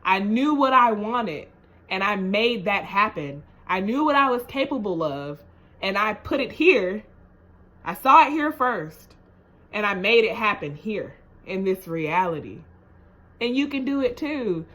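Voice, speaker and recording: A woman's voice: mid-range voice, lively intonation, a little slow, a bit bright. Earnest chatty woman vlogger. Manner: chatty, repetitive, often asks "you know what I'm saying?"; earnest and emotional, builds to rousing encouragement. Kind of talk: casual storytelling to camera.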